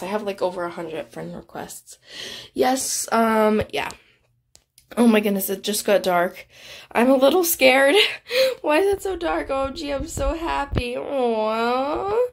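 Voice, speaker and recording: A female YouTuber giving casual gameplay commentary, excitable and giggly, gasping and chatting straight to her viewers. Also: on the high side. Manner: excitable and giggly, gasps and squeals; chatty, speaks directly to viewers. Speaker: gaming YouTuber.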